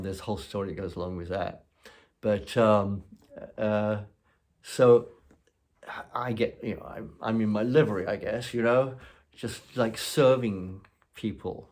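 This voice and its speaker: A man's voice: fairly low pitch, creaky. Rambling man telling a story. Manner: rambling, chuckling, full of "you know". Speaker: host. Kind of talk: casual storytelling.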